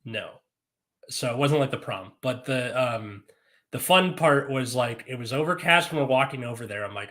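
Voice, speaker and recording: A man in his thirties talks easily on a podcast about his teaching job. His voice is bright and forceful, and he moves along in a halting way, trailing off into fillers. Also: mid-range voice, lively intonation. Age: 30s. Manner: laid-back, halting, fillers and trailing phrases. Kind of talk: casual podcast chat.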